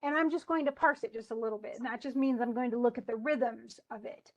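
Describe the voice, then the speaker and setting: A woman teaching poetry in a lesson, her voice sitting a little on the high side. She talks with false starts and slows down to stress the syllables she means. Her tone is patient. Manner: thinking aloud with restarts, slowing to stress words. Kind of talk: live tutoring on meter.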